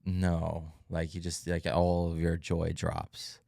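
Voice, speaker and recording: A young man with a very deep voice speaks in an even, unhurried way, pausing often to find his words as he tells a personal story. The sound is dry and close, with no room around it. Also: vocal fry, no echo. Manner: reflective, halting, many fillers. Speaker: podcast co-host. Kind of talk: casual testimony chat.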